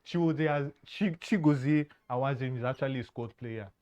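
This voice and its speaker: A man's voice: mid-range voice, normal speed, darkish tone. A man giving earnest football analysis, often stumbling and repeating words. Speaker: football pundit. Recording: dull lo-fi sound.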